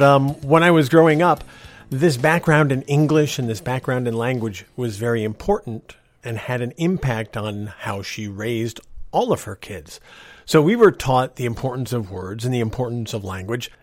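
A man from New Jersey hosting a casual storytelling show, chatty and self-deprecating, pronouncing his words carefully and chuckling between lines. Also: medium pitch. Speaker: host.

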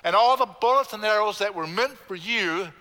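A man's voice: high-pitched, normal speed, pushed and bright. A man, a pastor preaching a sermon with emphatic repetition and calling on the congregation to repeat lines. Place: church sanctuary. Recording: long church hall reverb.

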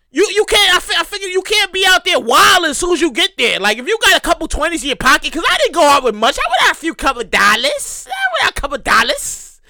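High, animated, profane storyteller. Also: no room sound, studio quality. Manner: animated, profane, repeats phrases for emphasis. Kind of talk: casual storytelling monologue.

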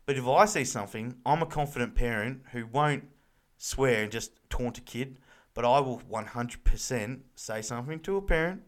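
A man's voice: mid-range voice, normal speed. An Australian man in his thirties, co-hosting a casual podcast chat, blunt and fired up, swearing freely. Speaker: podcast co-host.

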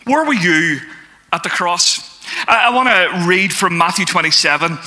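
A man's voice: high voice, pushed and bright. A man preaching a sermon to a congregation, asking them questions and reading scripture aloud. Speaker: pastor.

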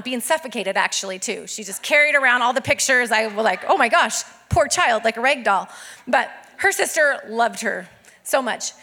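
A woman pastor in her thirties preaches with a high, bright voice. She tells her stories with lots of energy and acts out each person's lines. Her delivery stays lively and expressive throughout. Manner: animated storytelling with acted-out quotes. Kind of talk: sermon.

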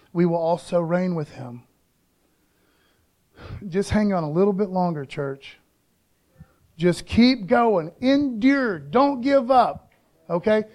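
A man's voice: high-pitched, a little mellow. A man preaching a casual, slangy sermon, peppering his talk with "man" and "you know". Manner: laid-back slangy preaching, says "man" often. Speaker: pastor.

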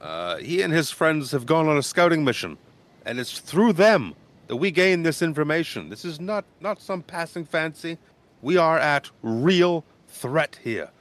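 A man's voice: fairly high pitch, pitched above the performer's own voice. A man voicing a flustered woman village mayor who stammers and urges her people to flee, in a tabletop game. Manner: anxious, stammering, urgent.

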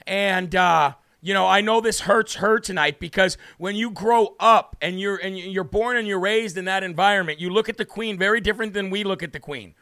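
A man's voice: high-pitched, normal speed, few pauses, sharp tone, clean tone, no echo. An American man hosting a live online show, talking casually and rambling, greeting viewers by name and laughing easily. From United States. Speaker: livestream show host. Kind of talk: casual live-stream talk.

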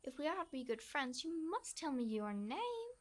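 A man voicing a frightened but clever young girl in a soft, hesitant falsetto for a horror audio story. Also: big pitch swings, normal speed. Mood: sweetly coaxing.

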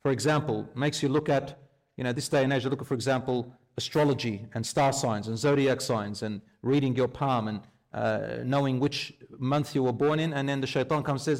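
A man preaching a sermon, telling a story and acting out its dialogue in lively, conversational speech. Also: medium pitch, fairly quick.

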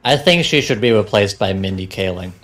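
A man's voice: fairly low pitch, expressive, a little fast, fairly bright tone. A man co-hosting a casual podcast chat, wry and joking in his commentary. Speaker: podcast co-host.

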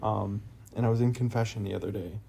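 A young man with a lowish voice co-hosts a relaxed faith conversation. He tells stories in a chatty, animated way, full of fillers and asides. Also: quick pace, vocal fry, slightly rough. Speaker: podcast co-host. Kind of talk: casual faith chat.

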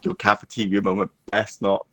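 A man's voice: lowish voice, flat delivery, a little fast, dry recording. A man co-hosting a podcast, stammering and self-deprecating in casual chat. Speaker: podcast co-host.

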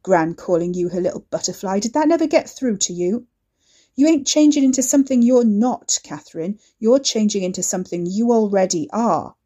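A woman voicing a menacing, swaggering man who taunts loudly and swears coarsely, in a storybook reading. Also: medium pitch, animated, normal speed, lightly acted. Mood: furious, goading. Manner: loud, goading, coarse swearing. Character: menacing, swaggering male brute, taunting and volatile.

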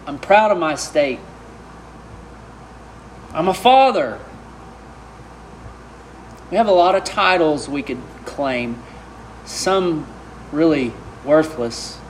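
Slow, emphatic preacher man. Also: a little high, lively intonation, a little hiss or hum. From Arkansas. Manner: emphatic preaching with rhetorical questions. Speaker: pastor. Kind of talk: sermon.

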